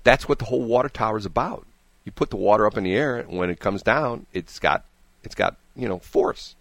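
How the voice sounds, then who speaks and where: On a dry studio microphone recording, a man's gravelly, fairly bright voice sits low and runs a little fast. He hosts a morning radio show, bantering casually through rambling, joking stories and frequently repeating himself.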